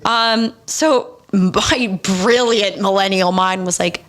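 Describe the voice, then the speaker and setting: A woman's voice: mid-range voice, slow, fairly bright tone. A young adult woman hosting a podcast, telling a personal story in a candid, profane, casual way. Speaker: podcast host. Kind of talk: casual confessional chat.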